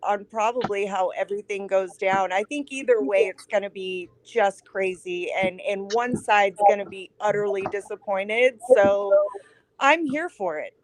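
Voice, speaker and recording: A woman guest, herself the host of a politics show, chats on a video call for a casual online show, apologizing and laughing often. She has a mid-range voice with a measured pace, picked up by a computer mic.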